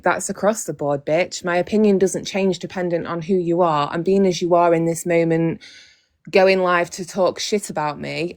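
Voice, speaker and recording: A woman's voice: lowish voice, no echo, studio quality. A woman hosting a casual livestream on a phone mic, blunt and profane, talking straight to her viewers. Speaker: livestream host.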